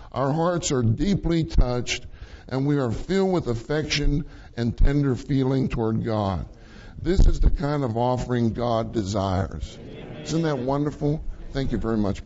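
A man's voice: medium pitch, a little mellow. Man preaching over a muffled recording. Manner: conversational preaching with repeated phrases. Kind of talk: sermon.

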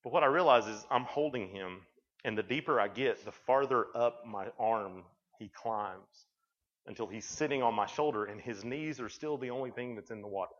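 On a dull lo-fi recording, a man speaks at a moderate pace in a medium-pitched, fairly bright voice. He's delivering a folksy, conversational sermon to youth, acting out dialogue in quotes along the way.

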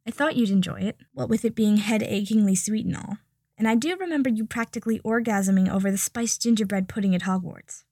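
A woman's voice: mid-range voice, fairly quick, mellow, dry recording, clean studio sound, lightly acted. A woman voicing an earnest young wizard man in love, in a storybook romance. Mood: teasing.

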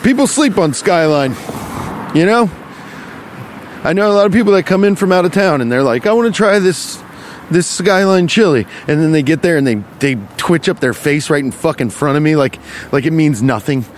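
A man hosting a comedy podcast, rambling through an improvised, profane, deadpan bit while walking along a street. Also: a little high, brisk. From Cincinnati, US. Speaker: podcast host. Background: faint traffic.

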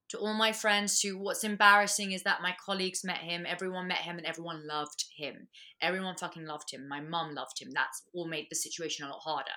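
Blunt, bright-voiced woman. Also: medium pitch. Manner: blunt, swears freely, fast restarts. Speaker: podcast guest. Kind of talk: candid casual chat.

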